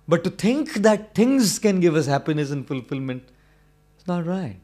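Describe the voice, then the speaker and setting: A spiritual speaker telling a moral story to a live audience, animated and dramatic, with spoken sound effects. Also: male voice, fairly high pitch, normal speed. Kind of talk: storytelling talk. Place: live talk before an audience in England.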